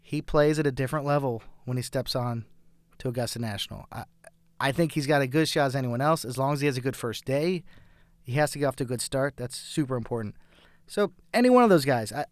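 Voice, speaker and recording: A man's voice: medium pitch, a little fast, no room sound. A young adult man hosting a casual sports talk show, chatty and enthusiastic, rambling through his picks.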